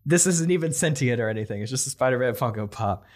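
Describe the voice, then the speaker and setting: A young man telling a comedic movie pitch on a podcast, laughing often and acting out the characters' lines. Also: lively intonation, fast. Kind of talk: casual comedic storytelling.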